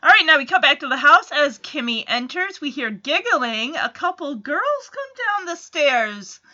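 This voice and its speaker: A woman's voice: sits high, sing-song, measured pace, sharp tone, highs cut off. A woman chatting through a casual episode recap, with amused asides.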